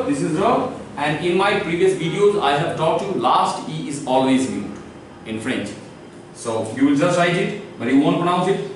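A man with an Indian English accent gives an online language lesson, drilling sounds and putting questions to his viewers. His voice sits a little high and rings in a very echoey room, picked up from some distance. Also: a little hiss or hum. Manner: instructive, repeats sounds and quizzes viewers. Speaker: language teacher.

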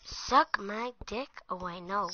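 A woman streaming a video game, chattering and trash-talking in loud, excitable bursts. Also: medium pitch, slow pace. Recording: muffled lo-fi mic with loud noise.

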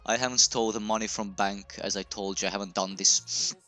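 A man's voice: lowish voice, steady tone, fairly quick, bright, forceful tone. A young man chatting casually as a gaming YouTuber, jokey and laughing often, over faint music. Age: young adult. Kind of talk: casual game commentary.

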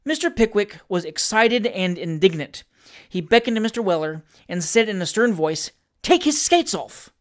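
Narrator, classic novel audiobook, measured, expressive. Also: medium pitch.

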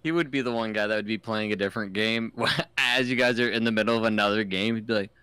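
A man's voice: lowish voice, fast, bright, forceful tone, clear, resonant tone, no echo. A young man on a podcast, chatting casually and jokingly, slipping into silly voices now and then. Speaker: podcast host. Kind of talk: casual chat.

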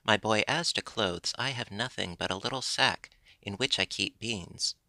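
A man voicing a kindly, generous old man in a storybook reading, speaking gently and fatherly. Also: lowish voice, moderate pace, creaky, no room sound, exaggerated voice.

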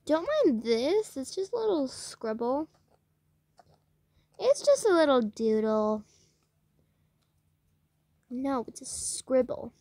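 A woman's voice: high-pitched, sing-song, slow pace, long pauses, a little mellow, dry recording. A young woman giving casual, rambling commentary while playing a game, talking to the game and her viewers. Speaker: gameplay vlogger.

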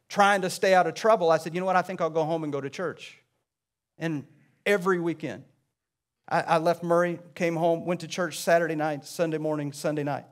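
A middle-aged man preaching a sermon as pastor, rising emphatically on key phrases. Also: a little high.

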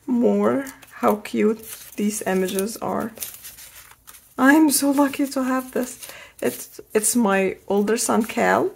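Middle-aged woman host, unhurried, gravelly, effusive craft haul, faint background hiss. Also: mid-range voice, a little mellow. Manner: gushing, enthusiastic, repeats praise words. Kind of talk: casual product haul show-and-tell.

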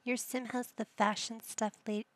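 A woman's voice: on the high side, little pitch movement, moderate pace, no echo. A woman hosting a casual let's-play, chatting to the game characters as she plays. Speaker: gaming channel host.

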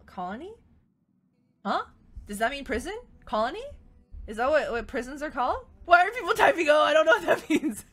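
A woman streaming a game with a high, bright voice that leaps all over the place. She reacts loudly, with jokes and sudden bursts of excitement. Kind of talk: live gameplay commentary.

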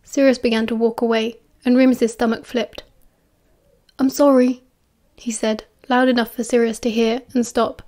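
A woman with a British accent reading a novel aloud as audiobook narration, dropping softly into hushed voices for the dialogue. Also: a little high, flat delivery, normal speed, hardly any pauses. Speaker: fan audiobook reader.

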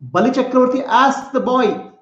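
A man's voice: extremely high pitch, moderate pace, a bit bright. A man, a spiritual teacher, telling a sacred story for children in simple, repetitive words and explaining terms. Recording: echoey room, dull lo-fi sound.

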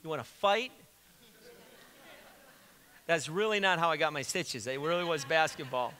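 A man's voice: fairly high pitch, brisk, bright, forceful tone. A male pastor preaching a sermon in a conversational, joking way as he retells scripture. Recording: reverberant hall.

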